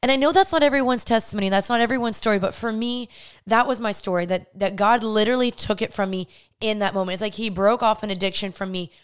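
A young woman tells her personal story on her podcast, animated and acting out the people she remembers. Her voice is smooth and clear, sitting at an ordinary middle pitch. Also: fast. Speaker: podcast host. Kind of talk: personal testimony monologue.

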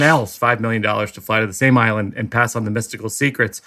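A man's voice: fairly low pitch, flat delivery, fast, hardly any pauses, sharp tone. A man hosting a podcast, chatting casually and spinning absurd comic bits. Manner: jokey, spins absurd bits. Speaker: podcast host. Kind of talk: casual chat.

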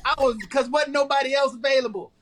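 A man with a high-pitched voice filling in as guest co-host on a casual podcast. He pokes fun at himself in loose, easy talk. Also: steady tone, fast talker, fairly bright tone. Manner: self-deprecating joking.

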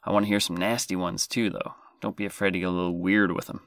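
A man's voice: low-pitched, level tone, fast, a bit bright, no echo, studio quality. A man hosting a comedy podcast, talking in a self-deprecating, jokey, sarcastic way. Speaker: podcast host.

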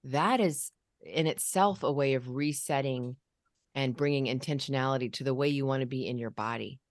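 A woman with a low, grounded voice chats about parenting and shows listeners how to speak calmly to children. The sound is dry and close, with no room around it. Her delivery is relaxed and conversational. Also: moderate pace, no echo. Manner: demonstrates vocal registers and calm commands. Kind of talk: casual podcast conversation.

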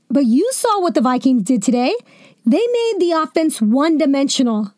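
Animated high-voiced woman podcasting sports. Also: dry recording, studio quality. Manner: animated, jokey, venting with laughs and asides. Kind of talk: casual sports commentary.

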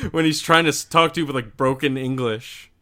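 A man's voice: on the high side, expressive, moderate pace, pushed and bright. A man co-hosting a podcast in casual chat, blunt and argumentative, laughing at his own jokes. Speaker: podcast co-host.

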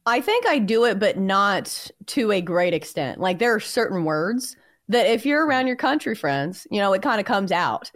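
A woman from the American South, with a light Southern accent, co-hosts a sports talk show. Her pitch swings lively and widely as she chats, asking questions and reacting in quick, animated bursts. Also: dry recording, studio quality. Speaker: co-host, journalist. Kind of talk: casual chat.

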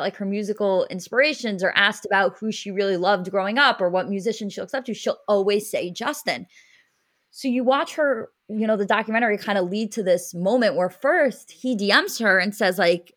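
Woman, young adult, podcast co-host, bright tone, gushing casual chat. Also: mid-range voice, normal speed. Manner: emotional, gushing storyteller with many "like" fillers.

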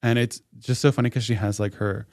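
A man's voice: mid-range voice, fairly even intonation, fast, darkish tone, no room sound. Guy cohost rambling thru a story, lots of likes, dry close mic. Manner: chatty storyteller, heavy "like" fillers. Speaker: podcast co-host. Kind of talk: casual chat.

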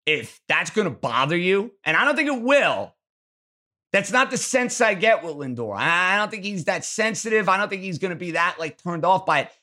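A man's voice: high voice, lively intonation, fairly quick, hardly any pauses, bright, forceful tone. A man hosting a sports call-in show, answering callers with blunt, emphatic opinions. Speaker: sports talk show host.

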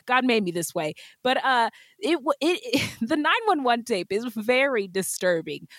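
A woman's voice: a little high, expressive, a little slow, a bit bright, no room sound, clean studio sound. A woman co-hosting a true crime podcast, chatting casually, rambling and laughing often. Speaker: podcast co-host. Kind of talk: casual chat.

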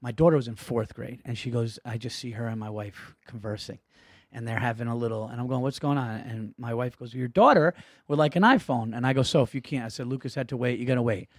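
A man's voice: medium pitch, no room sound, studio quality. A middle-aged man, a comedian guest telling a family story in casual chat, swearing freely and acting out what people said. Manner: fast, profane, animated storytelling with acted-out quotes.

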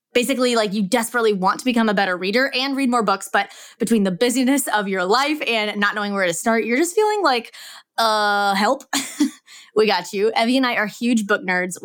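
A woman's voice: on the high side, a bit bright. A woman co-hosting a podcast, bubbly and chatty, with plenty of "like" fillers in casual talk. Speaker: podcast co-host. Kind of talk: casual chat.

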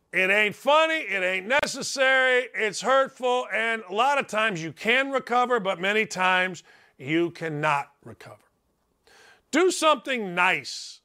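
Middle-aged American host, high bright voice with big swings, blunt and folksy, rambling asides. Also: male voice, clear, resonant tone. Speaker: sports radio host. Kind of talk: animated monologue giving advice.

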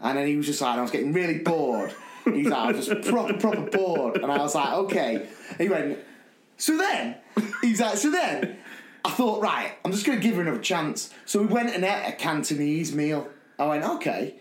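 A young man hosting a podcast, telling an animated, rambling story and laughing as he goes. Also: on the high side, fairly quick. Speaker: podcast host. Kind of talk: casual storytelling chat. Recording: echoey room.

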